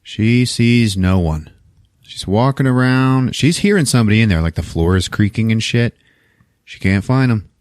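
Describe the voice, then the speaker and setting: A man retelling a film plot on a podcast, swearing freely and keeping the story rolling. His lowish voice swings widely in pitch. The sound is close and dry. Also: moderate pace, no echo. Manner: profane, animated storytelling with laughs. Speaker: podcast host. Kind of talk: casual movie recap.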